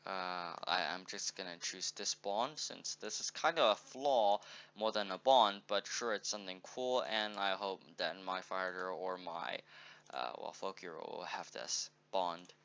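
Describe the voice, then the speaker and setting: A man's voice: deep voice, measured pace, a bit bright, clear, resonant tone. A man casually walking through a tabletop game sheet, thinking aloud and correcting himself as he goes. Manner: meandering, self-correcting, upbeat. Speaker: game tutorial presenter. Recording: dull lo-fi recording.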